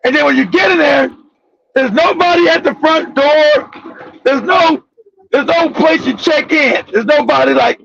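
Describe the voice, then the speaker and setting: Casting: man, very high voice with heavy fry, loud, profane storyteller, dull lo-fi recording. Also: measured pace. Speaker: talk show host. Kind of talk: casual storytelling.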